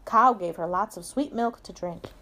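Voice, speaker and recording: A woman reading a children's picture book aloud to a small child at home, in an expressive sing-song storytelling manner. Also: medium pitch, moderate pace, a little hiss or hum.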